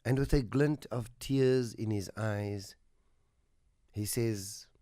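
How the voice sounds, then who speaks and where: A man hosting a radio talk show, telling a moral story in a slow, earnest way that drops to a soft hush at its tender moments. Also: fairly low pitch, no echo, studio quality. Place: radio studio.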